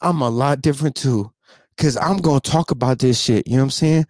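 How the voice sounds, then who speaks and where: Speaking briskly at a medium pitch with a darkish tone, this man in his 30s vents to camera as a vlogger, unscripted and emotional. He swears, repeats himself, sighs and tears up, and asks over and over whether you know what he means. Studio-quality audio, no echo.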